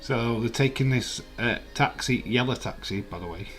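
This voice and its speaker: A man's voice: mid-range voice, normal speed, a bit bright, faint music behind. A man in his forties hosts a live watch-along stream. He chats casually, reads viewer comments aloud and rambles with filler words.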